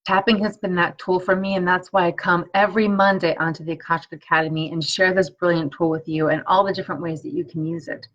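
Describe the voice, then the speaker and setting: A woman's voice: fairly low pitch, steady tone, muffled recording. Soothing woman guiding tapping affirmations. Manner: slow, soothing repeated affirmations; warm, encouraging chat with viewers. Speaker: energy tapping coach. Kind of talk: live-streamed guided tapping lesson.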